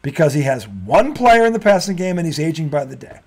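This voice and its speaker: A man's voice: fairly high pitch, sing-song. A man hosting a sports talk show, ranting and swearing freely in a casual debate and laughing often. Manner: profane, ranting, quick to laugh.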